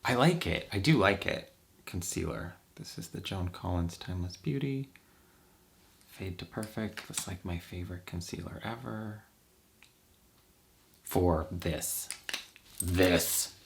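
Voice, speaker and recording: A man's voice: sits low, takes it slowly, vocal fry, long pauses, slight background noise. A man chatting casually and rambling with campy asides as he does his makeup for a vlog. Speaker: makeup vlogger. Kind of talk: casual chat while doing makeup.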